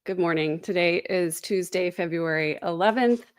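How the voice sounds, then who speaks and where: A woman's voice: fairly low pitch, normal speed, clear, resonant tone, dry recording. A woman hosting a casual true crime livestream from home, chatty and sarcastic. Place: home, indoors. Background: dogs.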